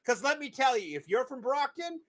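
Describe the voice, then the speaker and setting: A man hosting a casual livestream movie review, rambling, excitable and quick to swear. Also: very high voice. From Massachusetts. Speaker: movie review show host.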